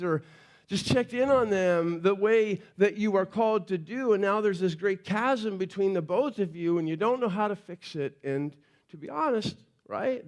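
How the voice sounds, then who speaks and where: High-voiced man preaching a sermon. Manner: conversational storytelling, drops to quiet emphasis. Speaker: pastor.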